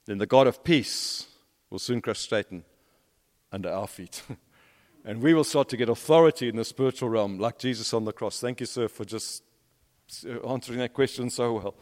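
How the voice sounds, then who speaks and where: A man preaching a sermon, telling stories and swinging between emphatic rises and low, quiet drops. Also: normal speed. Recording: long hall reverb.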